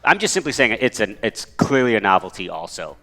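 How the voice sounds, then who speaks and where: A man's voice: on the low side, very animated, brisk, bright, forceful tone. A man co-hosting a casual movie review podcast, rambling and correcting himself as he talks. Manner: rambling, self-correcting, laughs easily. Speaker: podcast co-host.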